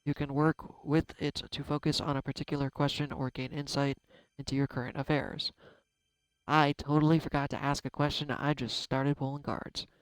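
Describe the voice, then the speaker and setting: A man's voice: fairly high pitch, fairly even intonation, normal speed, clean tone, dry recording, low-quality recording. Chatty man doing a tarot reading. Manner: chatty and self-deprecating, thinking aloud. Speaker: tarot reader. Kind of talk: casual spiritual card reading.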